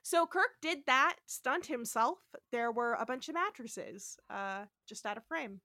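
A woman co-hosting a podcast, recapping an episode in casual chat, animated and swearing freely as she acts out the characters' lines. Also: a little high, a little slow. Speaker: podcast co-host.

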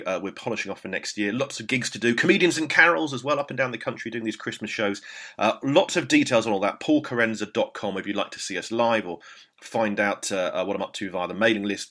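Comedian hosting his podcast, lowish voice, dry jokey plugs. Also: a bit bright. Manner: dry, self-mocking, upbeat plugs. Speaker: podcast host. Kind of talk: casual comic chat.

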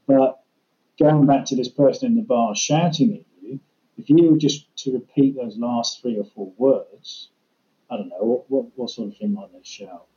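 A man explains conversation techniques as a trainer, walking through practical examples in a relaxed, mellow voice. The recording sounds a little dull and lo-fi. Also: mid-range voice, moderate pace. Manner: practical, illustrates with acted-out examples. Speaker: communication trainer.

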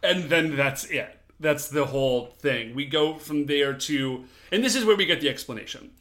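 A man co-hosting a podcast, chatting casually as he recaps a TV episode, animated and laughing as he acts out quotes. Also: fairly high pitch, normal speed. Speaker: podcast co-host.

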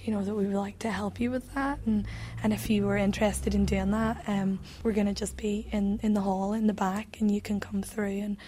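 A woman's voice: medium pitch, level tone, fairly quick, hardly any pauses, mellow, slight background noise. A woman in her twenties sharing a personal testimony in an interview, reflective and hesitant, often restarting her sentences.

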